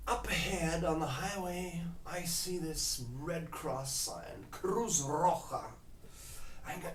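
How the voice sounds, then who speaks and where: A man's voice: sits high, unhurried, a little hiss or hum. A man telling a casual travel story at home, rambling with lots of fillers. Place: home kitchen. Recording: roomy kitchen, mic at a distance.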